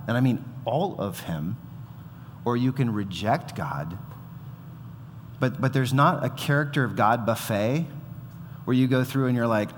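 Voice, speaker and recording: A man in his thirties preaching a sermon in a conversational, animated way, acting out quoted voices. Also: medium pitch. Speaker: pastor. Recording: long hall reverb.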